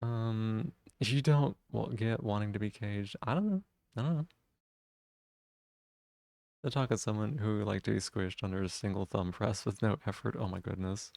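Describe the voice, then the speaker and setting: A man's voice: fairly low pitch, steady tone, moderate pace, vocal fry, few pauses, darkish tone, no room sound, studio quality. A man live-streaming, chatting casually with viewers in a teasing way and swearing freely.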